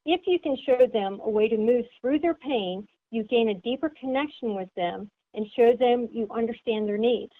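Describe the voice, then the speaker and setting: A woman's voice: on the high side, normal speed, few pauses. A woman giving an instructional seminar talk, explaining step by step and acting out sample greetings. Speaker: seminar presenter. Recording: tinny phone-like sound.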